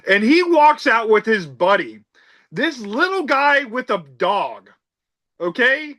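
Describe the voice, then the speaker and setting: A man's voice: extremely high pitch, very animated, slow, fairly bright tone. A man hosting a casual podcast about a film, talking emphatically and tossing out rhetorical asides. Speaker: podcast host.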